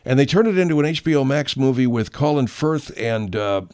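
A male host rambles through a story with a voice that swings widely up and down. He is profane and digressive, and his voice sits at a middle pitch. He talks in a loose, casual monologue. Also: animated, fairly quick, a little mellow, smooth.

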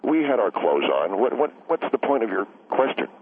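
A man calling in to a radio show, rambling and quick to take offense. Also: medium pitch, very animated, husky. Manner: rambling, touchy and defensive. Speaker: caller. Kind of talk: call-in radio chat. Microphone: telephone. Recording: tinny phone line, faint hiss.

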